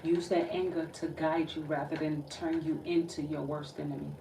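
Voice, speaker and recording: Deep-voiced woman giving a tarot reading. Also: little pitch movement, normal speed, warm tone. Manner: emotional, uneasy, talks to spirit and viewers, restarts often. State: feeling weak and agitated. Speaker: tarot reader. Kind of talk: casual tarot reading to viewers. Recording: roomy echo from a distance with background noise.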